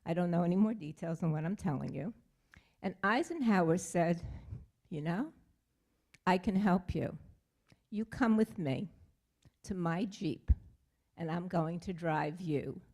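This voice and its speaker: An older woman with a fairly low voice tells a family story from the front of a synagogue sanctuary. She speaks in a heartfelt, halting way, pausing often and using fillers as she goes. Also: a little mellow. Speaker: congregant sharing a family story. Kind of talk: personal storytelling at a service.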